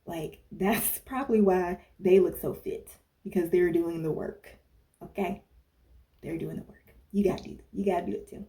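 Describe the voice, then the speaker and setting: A woman wellness coach talks straight to the camera in a loose, chatty advice style. Her voice is mellow and warm. She keeps checking in with "okay?" and drifts into asides. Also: on the low side, fairly even intonation, moderate pace. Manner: chatty, tags points with "okay?", digresses and laughs at herself. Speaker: wellness coach and former personal trainer. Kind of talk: casual talking-head advice monologue.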